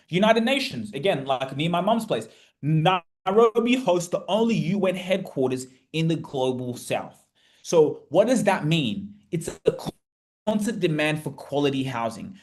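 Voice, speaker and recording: Guy running a webinar, fired up and chatty, bit of a higher voice, swears when he gets going. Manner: animated, passionate, sometimes swears. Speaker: webinar host. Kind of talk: casual webinar presentation.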